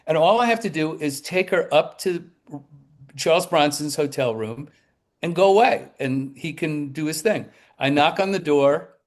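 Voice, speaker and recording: Animated older man telling stories. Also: a little high. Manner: animated storyteller who acts out the people in his tales. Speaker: talk show guest. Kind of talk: anecdotal storytelling.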